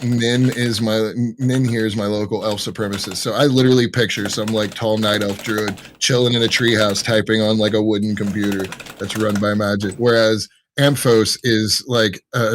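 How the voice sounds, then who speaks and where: A man's voice: lowish voice, a little hiss or hum. A man co-hosting a casual podcast, rambling and swearing freely as he riffs. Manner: rambling, profane, slips into silly voices. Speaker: podcast co-host.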